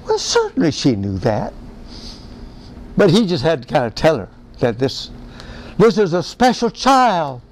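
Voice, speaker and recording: Man, preacher, folksy sermon, high voice, excitable, chuckles. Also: a little slow, long pauses. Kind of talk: sermon, Bible study.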